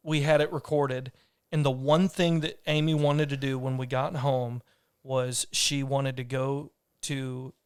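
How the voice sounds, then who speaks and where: A man hosts a podcast, telling a story in an earnest, rambling way. His voice is smooth and clear, with an even, steady pitch. The sound is close and dry. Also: dry recording. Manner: earnest, rambling with restarts and fillers. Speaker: podcast host. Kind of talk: casual conversational storytelling.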